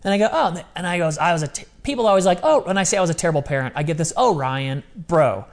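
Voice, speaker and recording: A man in his forties co-hosting a podcast, talking candidly and earnestly in quick bursts. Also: fairly high pitch, animated. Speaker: podcast co-host. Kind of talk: candid conversational podcast talk.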